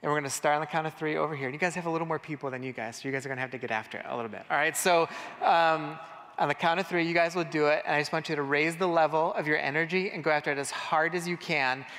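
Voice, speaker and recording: In a church hall with reverberant acoustics, a pastor gives a loose, conversational sermon with fillers while directing his congregation. His voice is on the high side, steady, fairly bright, and very fast.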